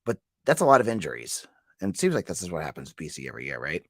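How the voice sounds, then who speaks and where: A man's voice: very deep voice, wildly swooping pitch, very fast, no room sound, clean studio sound. A man hosting a casual sports podcast with a head cold and a froggy voice, chatty and given to restarts and tag questions. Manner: chatty, repeats words, asks "right?". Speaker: podcast host.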